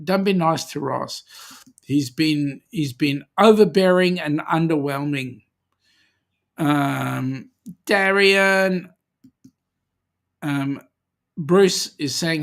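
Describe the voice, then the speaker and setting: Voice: mid-range voice, a bit bright. A host chatting casually on a livestream, reading out viewer comments and teasing them. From Australia.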